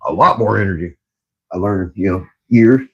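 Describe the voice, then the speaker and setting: A man's voice: sits low, normal speed, breathy edge, lo-fi sound. An older man, a grandfather, chatting casually on a livestream and telling rambling stories. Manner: laid-back, rambling storytelling. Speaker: livestream co-host.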